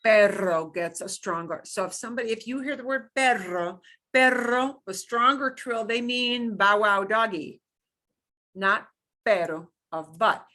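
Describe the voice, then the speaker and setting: Lady teaching beginner spanish, bright voice, repeats words slow and playful. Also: mid-range voice. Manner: demonstrates sounds by slow repetition, playful. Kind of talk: beginner language lesson.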